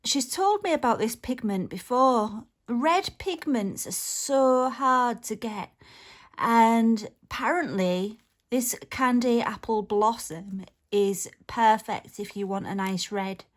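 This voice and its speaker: A woman's voice sits a touch high as she chats through an unboxing, gushing and giving little laughs as she goes. She talks slowly and unhurriedly, recorded at home on a phone. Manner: chatty and gushing, frequent small laughs. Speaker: craft vlogger. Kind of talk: casual unboxing chat to camera.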